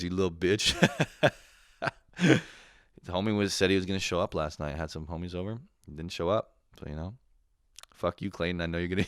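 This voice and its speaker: A man's voice: fairly low pitch, a bit bright, clear, resonant tone, no room sound, clean studio sound. A young man hosting a casual solo podcast, swearing, laughing and mocking others in impressions. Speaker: podcast host.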